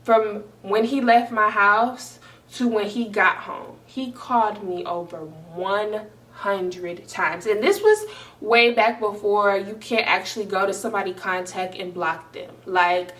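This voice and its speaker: A young woman vlogger telling a story in an animated, emphatic, profane way. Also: medium pitch, unhurried, far from the mic. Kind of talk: storytime vlog.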